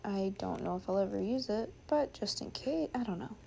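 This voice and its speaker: A woman chatting casually as she sorts through her things, musing and thinking aloud, sometimes dropping to a soft whisper. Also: mid-range voice, lively intonation, normal speed, vocal fry, a little hiss or hum. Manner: drops to a soft whisper at times. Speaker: sewing vlogger. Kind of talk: casual narration while sorting.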